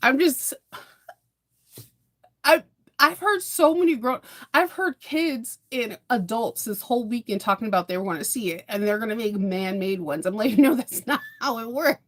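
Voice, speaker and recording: A woman's voice: fairly high pitch, normal speed, fairly bright tone. A woman, chatting casually to her viewers in a sewing vlog, laughing often and repeating words as she restarts. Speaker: sewing and bag-making vlogger.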